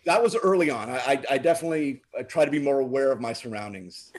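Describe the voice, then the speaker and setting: A man with a husky, slightly breathy voice tells a story from his gigging past in a relaxed, chatty way. He slips into animated voices for the people in his anecdote. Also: medium pitch, quick pace. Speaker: drummer and co-host. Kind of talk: casual storytelling.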